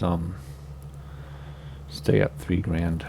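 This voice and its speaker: Gravelly, mellow-voiced gaming host. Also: male voice, low voice, slow pace, slight background noise. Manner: relaxed, chatty, thinking aloud with small laughs. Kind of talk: casual flight sim let's-play commentary.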